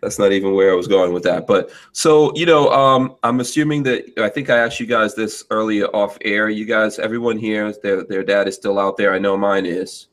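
A man's voice: on the low side, normal speed, hardly any pauses. A man hosting a casual podcast chat, asking questions and making joking asides. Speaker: podcast host.

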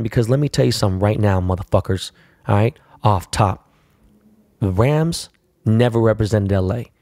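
A man's voice: fairly low pitch, darkish tone, no room sound. A man tells a rambling, profanity-laced story on his own podcast. The sound is dry and close, with no room around it. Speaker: podcast host. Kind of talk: casual solo storytelling.

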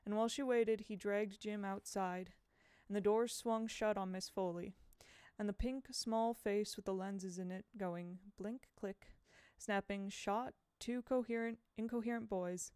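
A woman reading a novel aloud in a measured, expressive way, close to the mic. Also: mid-range voice, smooth, dry recording. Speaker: audiobook reader.

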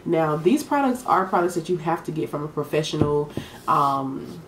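A woman's voice: deep voice, lively intonation, normal speed, roomy sound, background noise. A young woman talking to her camera in a beauty vlog, chatty, sassy and full of slang, sometimes emotional. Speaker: beauty vlogger. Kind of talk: casual chat to camera. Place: room lit for filming. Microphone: camera mic.

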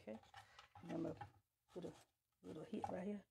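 A woman's voice: on the low side, fairly even intonation, fairly quick, creaky. A woman chatting to viewers while cooking in her home kitchen, on a lapel mic. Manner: chatty, addresses viewers as y'all, Southern US Black vernacular. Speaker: home cook livestreaming. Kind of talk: casual cooking livestream. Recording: loud background noise, kitchen clatter.

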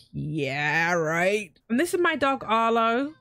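Lively woman gaming commentary. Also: mid-range voice, slow, dry recording. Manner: chatty, excitable, talks to her game characters and viewers. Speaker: gaming YouTuber. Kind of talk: let's play commentary.

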